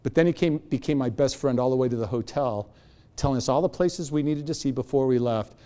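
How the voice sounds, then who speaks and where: A brisk, smooth, mid-range voice belongs to a middle-aged man speaking at an event hall. As a motivational speaker, he spins animated stories and mimics the voices of the people involved.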